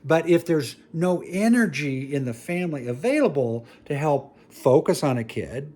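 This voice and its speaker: A man giving a talk to an audience, telling stories in a jokey, self-mocking way with sudden high exclamations. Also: animated, moderate pace, hardly any pauses, darkish tone. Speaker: speaker on family dynamics.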